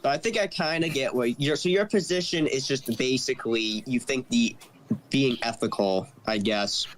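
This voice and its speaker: Man, middle pitch, hesitant, careful wording, noisy remote line. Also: moderate pace. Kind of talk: casual conversation.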